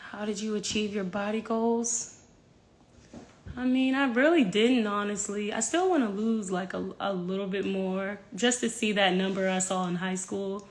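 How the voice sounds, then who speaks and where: The thirties-aged singer speaks at medium pitch and a normal speed as she films herself at home, a place with a yard. Her chat to camera is casual, candid, and rambling, full of swearing.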